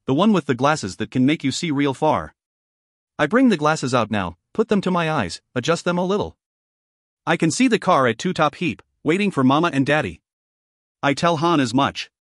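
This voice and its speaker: A man narrating a first-person fantasy audiobook with expressive storytelling. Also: on the high side, fairly quick, dry recording, clean studio sound.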